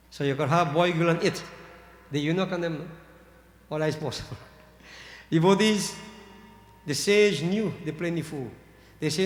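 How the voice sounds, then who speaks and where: Brief: preacher, animated storytelling sermon, higher male voice, roomy echo. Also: moderate pace, pauses often. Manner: animated, addresses listeners as devotees. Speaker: pandit. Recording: echoey hall reverb.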